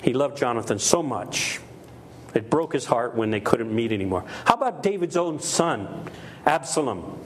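A man's voice: medium pitch, lively intonation, moderate pace, slight background noise. A middle-aged man preaching a sermon with emphasis, repeating key phrases and acting out quoted voices. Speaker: pastor.

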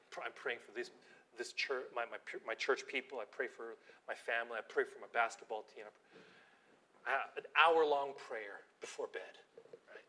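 A pastor, a man, preaching a storytelling sermon, acting out scenes and dropping to a hushed prayerful voice. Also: mid-range voice, moderate pace, a little hiss or hum. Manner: animated storytelling, acting out quotes, drops to quiet prayerful tones.

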